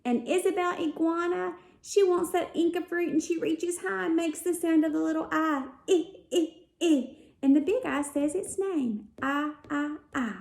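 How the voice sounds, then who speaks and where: High-pitched female preschool teacher, sing-song story-led phonics lesson, recorded in a roomy, echoing space. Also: fairly even intonation, gravelly, darkish tone. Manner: storytelling, drawn-out letter sounds. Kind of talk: phonics lesson for young children. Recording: echoey room.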